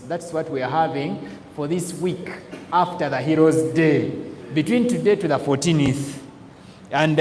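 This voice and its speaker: Man, sales trainer, animated, acts out laughter, long hall reverb, faint background noise. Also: on the high side. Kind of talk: live training talk. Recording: echoey hall with faint ambience.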